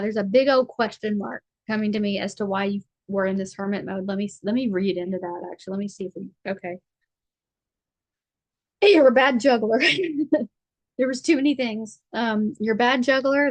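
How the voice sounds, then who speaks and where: A woman's voice: medium pitch, dry recording. A woman giving a casual collective tarot reading, chatty and rambling, with a playful streak. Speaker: tarot reader.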